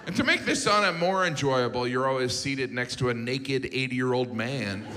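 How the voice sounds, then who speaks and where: A middle-aged man doing stand-up comedy on stage, with a deadpan delivery and mock-incredulous asides. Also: medium pitch, moderate pace, few pauses. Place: large theater stage with a laughing audience. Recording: live hall reverb, loud audience noise.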